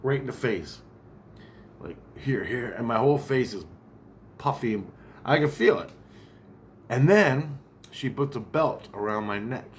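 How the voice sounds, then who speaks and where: A man's voice: mid-range voice, lively intonation, unhurried, pauses often, slight background noise. A man telling a long account of a dream in a rambling, profane way, with many restarts and asides. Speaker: vlogger.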